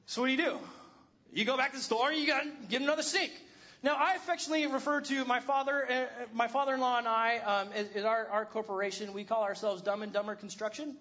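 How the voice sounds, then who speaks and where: Man, very high voice, sermon, storytelling with jokes, dull lo-fi sound. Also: fairly bright tone. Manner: storytelling, self-deprecating humor. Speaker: pastor.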